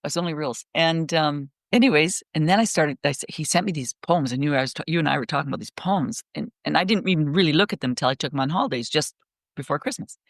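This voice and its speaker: Rambling, animated woman on a call. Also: deep voice, fast talker, dry recording, clean studio sound. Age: middle-aged. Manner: rambling, animated storytelling with many restarts. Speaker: guest speaker. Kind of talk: casual podcast conversation. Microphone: remote call.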